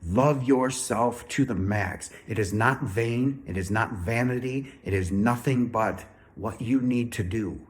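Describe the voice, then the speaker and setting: A man talks straight to his viewers in an earnest, emphatic way. He repeats phrases and keeps calling out to "ladies and gentlemen." He says he is still a little sick. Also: mid-range voice, a little slow, few pauses. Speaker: spiritual speaker. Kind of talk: earnest direct-to-camera talk.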